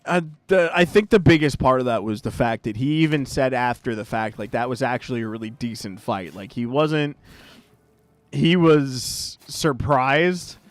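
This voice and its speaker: A man's voice: medium pitch, normal speed, no echo. A man streaming a game, chatting casually with a teammate, swearing and laughing as he retells a fight. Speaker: gaming streamer. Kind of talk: casual chat while playing a game.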